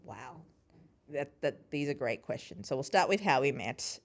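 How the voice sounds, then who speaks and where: A woman in her thirties, a podcast guest, chatting and telling stories in an animated way, acting out what people said and laughing often. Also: rumbling low, moderate pace. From Sri Lankan family. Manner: animated, acts out quoted voices, laughs often. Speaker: podcast host and interview guest. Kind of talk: casual conversational storytelling.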